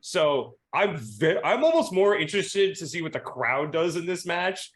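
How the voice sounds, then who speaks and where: A young man co-hosting a wrestling podcast in casual chat, excitable and quick to laugh, often restarting his sentences. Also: fairly high pitch.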